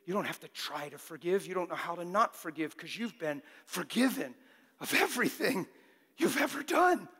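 A man preaching a fervent, exhorting sermon that bursts into shouting, in a church. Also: high voice, very animated, moderate pace, slightly rough, big-room sound.

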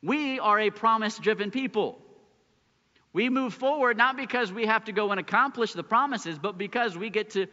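A man preaching a sermon as pastor, earnest, swinging between loud emphasis and hushed lines. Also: high voice, moderate pace. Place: church sanctuary. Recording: muffled church recording with long hall reverb.

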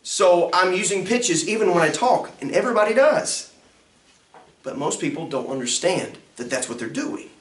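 A man, a pastor teaching a music ministry class in an animated lecture that swoops up and down in pitch. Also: normal speed. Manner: acts out sounds and quotes with big pitch jumps. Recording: roomy echo.

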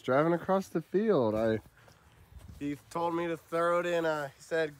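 A man's voice: a little high, measured pace. Young guy joking around, casual storytelling, kinda stop-start. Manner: loose, joking, stops and starts. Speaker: friend of the host. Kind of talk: casual chat.

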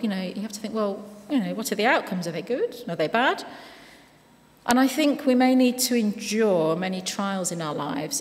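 A woman giving a sermon in a church, speaking conversationally and reading scripture slowly and with care. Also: lowish voice. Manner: warm conversational preaching with frequent "you know"; reads scripture slowly and deliberately. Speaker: preacher. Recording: long reverb of a church hall.

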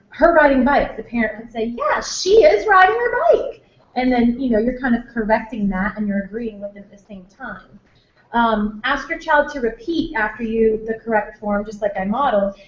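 Female teacher, parent workshop, chatty and rambling; dull echoey room sound. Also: fairly high pitch. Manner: chatty, with many fillers and restarts. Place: school room or hall.

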